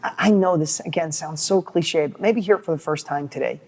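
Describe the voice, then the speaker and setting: Animated middle-aged man telling stories. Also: fairly high pitch, a little fast. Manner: animated, acts out quoted dialogue, repeats words when excited. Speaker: guest. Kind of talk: motivational storytelling in an interview.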